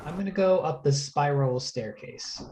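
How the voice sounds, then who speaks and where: A man playing a tabletop game, playful and quick to laugh as he speaks in and out of character. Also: on the high side, expressive, darkish tone, slight background noise. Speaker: player. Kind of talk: tabletop role-play.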